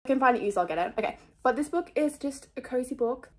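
A woman's voice: high-pitched, lively intonation, fast talker, hardly any pauses. A young woman chatting casually about her book picks in a rambling, scattered, self-mocking way, full of fillers. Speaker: book vlogger. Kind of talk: casual chat.

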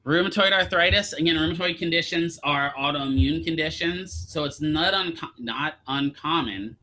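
A man's voice: fairly high pitch, normal speed, sharp tone, a little hiss or hum. A man teaching a physical therapy class, lecturing casually, quizzing students and throwing in jokes. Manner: asks students questions, casual joking asides.

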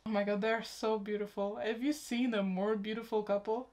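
A woman's voice: mid-range voice, fairly even intonation, moderate pace, a little mellow. A young woman hosting a reaction vlog, gushing and emotional as she talks to her viewers like friends. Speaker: YouTube reaction host. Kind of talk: excited casual reaction vlog.

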